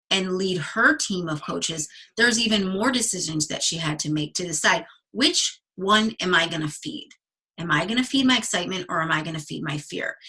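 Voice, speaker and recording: A woman guest speaker delivers a motivational talk to a coaching team, in a bright, forward voice. Her tone carries a slight husk, and she talks in a casual, chatty way with plenty of restarts. She leans hard on key words, stretching them out for emphasis. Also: on the low side, slightly rough, poor audio. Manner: enthusiastic and emphatic, slowing down to stress key words.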